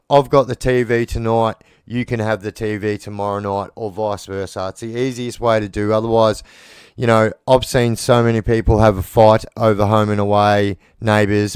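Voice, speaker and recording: A man's voice: mid-range voice, a little mellow, clean tone, no echo, studio quality. An Australian man in casual monologue, bluntly rambling about prison life and swearing freely. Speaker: former prisoner telling stories.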